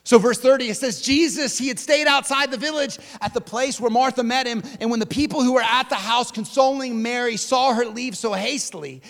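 A high-pitched male pastor delivering a sermon, his voice ringing with a long reverb through a large hall. He shifts from loud, emphatic declarations to soft, hushed passages and speaks to his listeners directly as "friend". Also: fairly quick, gravelly, few pauses.

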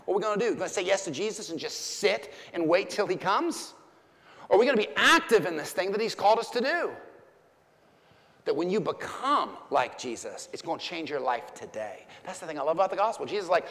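A man, preaching a sermon as a pastor, swinging from loud impassioned peaks to hushed emphasis. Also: on the high side, lively intonation, brisk. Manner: impassioned, rising to near-shouts and dropping to hushed emphasis. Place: church sanctuary. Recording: long church reverb.

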